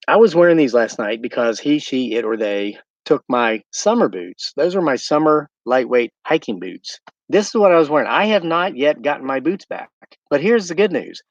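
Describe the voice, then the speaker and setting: A man's voice: medium pitch, no echo, muffled recording. Chatty American man on a livestream. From United States. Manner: chatty, rambling, talks to live viewers. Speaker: homesteading livestream host. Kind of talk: casual livestream chat. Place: outdoors at night by his woods.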